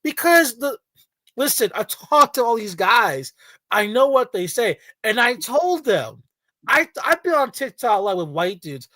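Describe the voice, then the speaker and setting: A man's voice: extremely high pitch, sing-song, measured pace, pushed and bright, no echo. A man hosting a podcast, ranting in an emphatic, profane, lecturing way in casual chat. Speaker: podcast host.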